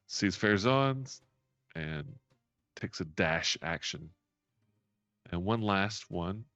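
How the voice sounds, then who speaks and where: A man running a tabletop role-playing game as game master, animated and often laughing. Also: deep voice, slow, long pauses, dry recording, lo-fi sound. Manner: animated, laughing, counting out moves.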